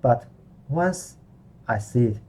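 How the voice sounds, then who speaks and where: A man's voice: medium pitch, lively intonation, slow pace, warm tone, rough recording. A man, a Mandarin speaker, teaching a live online grammar lesson, patiently explaining with frequent repeats and restarts. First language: Mandarin Chinese. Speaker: language teacher.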